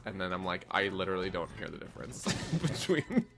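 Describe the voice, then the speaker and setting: Playful low-voiced man streaming a game. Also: very animated, fairly quick, very noisy. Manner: playful, self-mocking, laughs often. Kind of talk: casual gameplay commentary.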